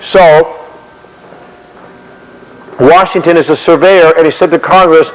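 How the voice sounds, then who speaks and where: A man preaching in a sermon-style history talk, animated, often repeating and restarting words, with a long hall reverb. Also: on the high side, measured pace, pauses often.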